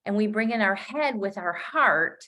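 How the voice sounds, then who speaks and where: A woman's voice: mid-range voice, lively intonation, unhurried, sharp tone. A middle-aged woman with a mid-range voice talks through a live coaching session over a webcam mic. She is upbeat and chatty, and she speaks off the cuff with easy restarts and fillers. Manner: chatty and upbeat, laughs at her own slips; loose and unscripted, with frequent fillers and restarts. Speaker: business coach. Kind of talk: live-streamed coaching talk.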